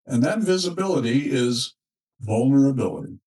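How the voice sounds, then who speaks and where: Measured, unhurried male counselor, distant mic. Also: mid-range voice, very animated, gravelly, dark tone. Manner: slow, measured, with thoughtful pauses. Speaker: relationship counselor. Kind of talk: reflective spoken monologue.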